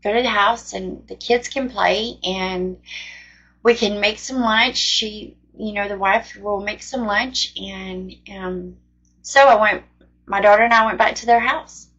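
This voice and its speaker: A woman shares her personal faith testimony in an earnest, rambling, conversational way. Her voice sits at an ordinary pitch and comes through a dull, lo-fi recording. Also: steady tone, measured pace, fairly bright tone. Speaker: faith storyteller. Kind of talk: personal testimony, casual storytelling.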